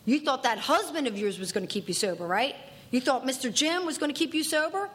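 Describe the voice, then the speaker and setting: A stern, blunt male mentor, as a woman puts him on, scolding and insistent with a pitched-up, pushy voice. He hammers his points home by repeating them. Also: animated, brisk, fairly bright tone.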